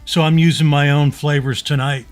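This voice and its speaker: A man's voice: a little high, fairly even intonation, moderate pace, faint music behind. A man in casual chat on a live stream, talking matter-of-factly about his gear. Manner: matter-of-fact, talks gear.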